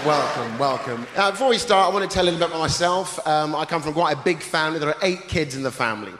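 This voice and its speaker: A man hosting a live stand-up show, with a punchy, theatrical delivery and shouted greetings to the crowd. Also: a little high, animated, fast. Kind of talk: stand-up comedy set. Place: large theatre stage before a live audience. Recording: roomy theatre reverb, loud audience noise.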